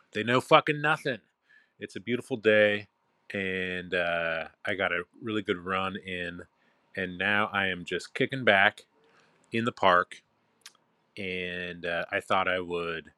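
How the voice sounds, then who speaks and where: Deep, slow, commanding man. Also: pushed and bright, dry recording, studio quality. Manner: commanding, domineering; laid-back, drawling with fillers. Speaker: online dominant addressing followers. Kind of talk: casual spoken monologue. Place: outdoors in a park.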